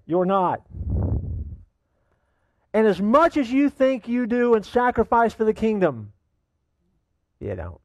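A man's voice: high-pitched, big pitch swings, takes it slowly, pauses often, a little mellow, no echo. A middle-aged male pastor preaching a sermon, emphatic, repeating key lines for weight.

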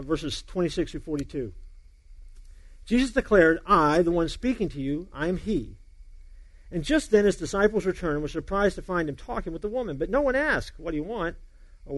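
Middle-aged male pastor, high voice, very expressive storyteller, dry close sound. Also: no room sound. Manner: animated storyteller, acts out dialogue, laughs along. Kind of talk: sermon with a humorous personal story.

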